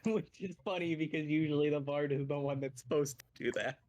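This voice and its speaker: A man playing a tabletop game jokes with his friends and laughs easily. His voice sits somewhat high. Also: fairly even intonation, fairly quick, a little mellow. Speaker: player. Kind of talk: casual chat at a tabletop game.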